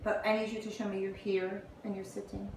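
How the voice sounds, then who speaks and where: Woman dog trainer calling a puppy all sing-song, far off the mic in a boomy room. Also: level tone, fairly quick, creaky, very echoey, noisy background. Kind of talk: casual training demo.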